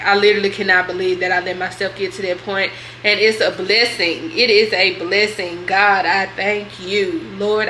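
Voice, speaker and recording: A woman's voice: mid-range voice, sharp tone, reverberant, a little hiss or hum. A young woman vlogging a candid question-and-answer session, chatty and slangy. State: tearful at times. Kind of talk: candid vlog Q&A.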